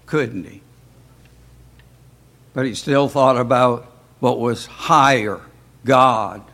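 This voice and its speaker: Here the folksy Bible-class teacher has a mid-range voice with a fairly bright tone. He talks informally to his church group and keeps posing rhetorical questions.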